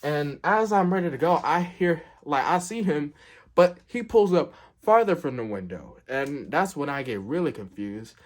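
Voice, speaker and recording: A man's voice: fairly high pitch, expressive, moderate pace. A young man telling a work story in a casual storytime, rambling and filling gaps with "like" and "um". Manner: rambling, filler-heavy, keeps saying "like".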